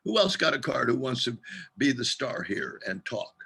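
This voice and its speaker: A man's voice: medium pitch, sing-song, moderate pace, vocal fry, pushed and bright, breathy edge. A man leading a group tarot session over a video call, talking in an emphatic, playful and exhorting way.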